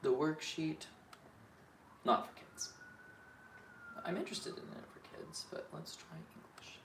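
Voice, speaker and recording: Man, gravelly voice, candid self-talk, muttering then emphatic, swears freely, roomy echo. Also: on the high side, unhurried, fairly bright tone. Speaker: vlogger. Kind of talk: solo self-reflection, thinking aloud. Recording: roomy echo with faint ambient noise.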